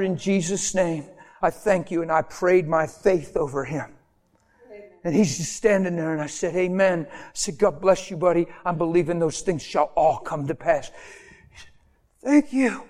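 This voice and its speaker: Male preacher, high voice, impassioned sermon storytelling, loud to hushed. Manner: impassioned, swings from loud animated storytelling to hushed intimate tones.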